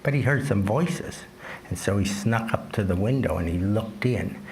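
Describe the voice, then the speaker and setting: A man telling a folk tale at an unhurried pace during a dharma talk at a retreat center. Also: lowish voice, expressive, a little mellow, a little hiss or hum. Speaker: yoga and dharma teacher.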